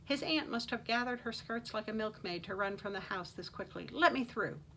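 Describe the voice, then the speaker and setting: Bright, dramatic woman reading fantasy aloud. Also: mid-range voice, a little fast, slight background noise, rough recording. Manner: dramatic, expressive narration. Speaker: author reading her own novel. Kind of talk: audiobook-style fantasy reading.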